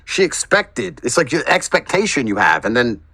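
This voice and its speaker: A man chatting as a podcast guest, blunt and emphatic, who swears now and then. His voice is bright and forceful, his pitch rises and falls a lot, and the sound is dry with no room echo. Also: big pitch swings, normal speed. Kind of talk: casual storytelling chat.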